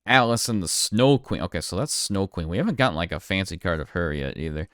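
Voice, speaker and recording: A man with a low, smooth voice talks his way through opening trading card packs. He is relaxed and chatty and thinks aloud with small restarts. The sound is dry and close to the mic. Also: fast talker, dry recording. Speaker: card collector streamer. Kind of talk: casual unboxing commentary.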